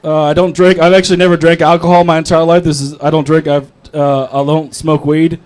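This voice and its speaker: A man's voice: a little high, little pitch movement, brisk, darkish tone, clear, resonant tone. A young man from North Carolina doing a rambling, profane, self-mocking stand-up set at an open mic, often laughing at his own jokes. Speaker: stand-up comedian. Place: open mic comedy club.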